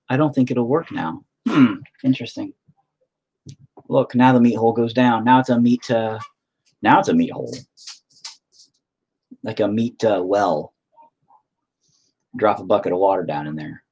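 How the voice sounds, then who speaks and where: A man's voice: medium pitch, animated, a little slow, pauses often, darkish tone, slightly rough. A man chatting casually while he paints, rambling, swearing often and talking to himself. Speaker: painting streamer.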